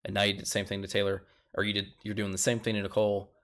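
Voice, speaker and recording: A young man chatting casually as he recaps a TV episode, retelling events animatedly and jumping up in pitch when quoting people. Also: monotone, very fast, a bit bright. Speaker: show recap host.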